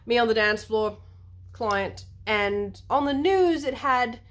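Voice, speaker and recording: A woman talks straight to camera in a loose, playful vlog monologue, drifting through asides and acting out bits of other people's speech. Her voice sits a little high for a woman. She sounds animated and unscripted throughout. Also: takes it slowly. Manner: playful and animated, acts out quotes, rambling asides. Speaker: vlogger. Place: lives in the United States.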